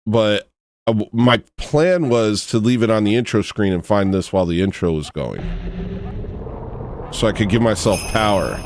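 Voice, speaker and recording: A man's voice: fairly low pitch, animated, moderate pace, a little mellow. Rambling goofy male livestream host. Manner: rambling, self-deprecating, goofy. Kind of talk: casual livestream chat.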